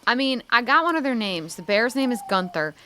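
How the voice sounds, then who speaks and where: A woman's voice: fairly high pitch, very animated, a little fast, sharp tone, a little hiss or hum. A woman playing a tabletop role-playing game, chatting in a playful way. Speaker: player.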